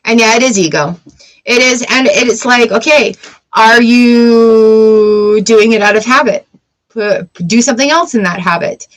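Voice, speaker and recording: A woman's voice: on the high side, a little slow, low-quality recording. A woman hosting a livestream, talking candidly and encouragingly in a casual advice chat. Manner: candid, encouraging, self-talk asides. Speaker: tarot livestream host.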